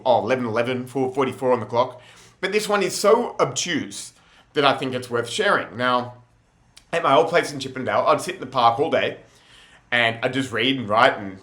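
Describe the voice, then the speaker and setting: A young man rambles through casual stories, laughing often and using plenty of slang. His voice is bright, at a middle pitch. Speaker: vlogger. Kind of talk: casual storytelling monologue.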